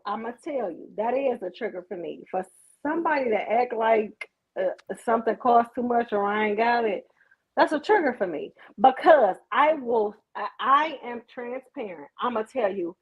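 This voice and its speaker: A woman chats in a blunt, swinging voice that stays high and a little husky, and she swears freely. The recording sounds muffled and lo-fi. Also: animated, normal speed. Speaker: podcast co-host. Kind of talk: casual chat.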